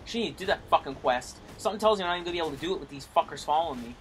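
A young man commenting on his own gameplay, frustrated, swearing a lot and yelling at enemies. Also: a little high, expressive, very fast, faint music behind.

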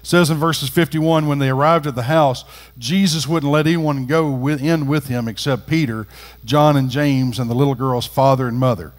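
A middle-aged man preaching a sermon as pastor, folksy, swinging from quiet talk to loud, rising calls. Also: mid-range voice, steady tone, moderate pace. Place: church sanctuary.

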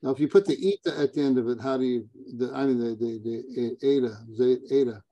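A male student asks questions in a class, halting and repeating words as he goes. His voice sounds dry and close. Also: mid-range voice, steady tone, warm tone, no room sound, dull audio. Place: church classroom.

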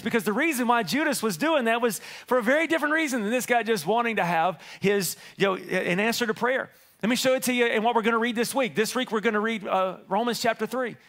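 A male pastor preaching a sermon, with a high voice. He is animated and playful and acts out voices in the stories he tells. He often turns loud and quick for a punchline.

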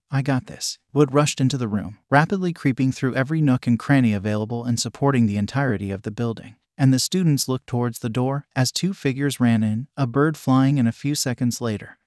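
A man narrating a fan fiction story in a flat, even reading voice that changes little between characters. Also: mid-range voice, dry recording, studio quality.

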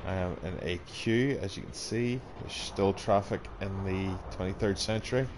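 A man's voice: low voice, moderate pace. A Northern Irish man giving casual, wry gameplay commentary with muttered asides. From Northern Ireland. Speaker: gaming streamer. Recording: game noise behind the voice.

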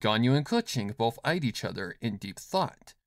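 Man reading a story, lively and expressive. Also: mid-range voice, moderate pace, no room sound. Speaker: fanfiction reader. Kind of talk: story narration.

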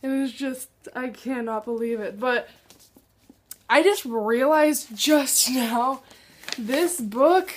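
A teenage girl vlogging about a new book, gushing and swinging between hushed whispers and excited squeals. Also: high-pitched, takes it slowly. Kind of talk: excited casual vlog. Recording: faint background noise.

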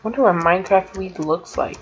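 A woman giving let's play commentary, excitable and quick to exclaim. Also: on the low side, highs cut off, soft background music. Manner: exclaims often, giggly and excitable. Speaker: gamer playing an adventure map.

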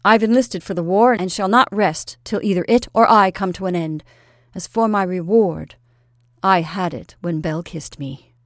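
A woman's voice: lowish voice, moderate pace, dry recording, lightly acted. A woman playing a young soldier man, boastful, playful, earnest, storybook reading, dry close sound. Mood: proud, teasing. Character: young male soldier lover, proud and teasing.

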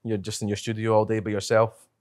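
A lower-voiced man with a strong brogue chats on a podcast, drifting through long thoughts and correcting himself as he goes. The sound is close and dry, with no room around it. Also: monotone, fast, darkish tone, no echo. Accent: strong brogue, not New Zealand. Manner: thoughtful, rambling, self-correcting. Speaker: podcast co-host and festival director. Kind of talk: casual podcast chat.

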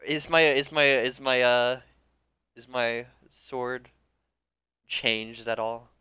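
A man playing a tabletop game, halting and stumbling as he asks questions. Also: medium pitch, fairly even intonation, bright, forceful tone, smooth, no echo. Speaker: player. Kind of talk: tabletop role-play over voice chat.

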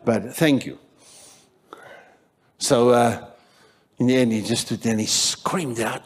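A South African man preaching a sermon in church, telling stories with animated acted-out voices and shouting for emphasis. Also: medium pitch, measured pace, a little hiss or hum. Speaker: pastor.

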